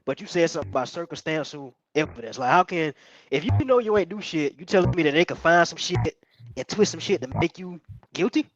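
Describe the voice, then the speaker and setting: A man's voice comes through a dull, lo-fi call-in mic, sitting a little higher than average in pitch. He asks curious questions and nods along in short replies, casual and plain. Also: expressive, brisk, dry recording. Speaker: panelist. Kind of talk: casual panel talk.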